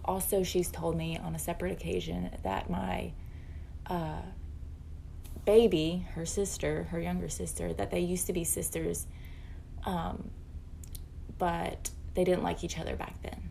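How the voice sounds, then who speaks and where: A mother telling a casual story, animated, quoting her young child in a raised voice and sometimes whispering. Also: fairly low pitch, unhurried, vocal fry, pauses often, a little hiss or hum.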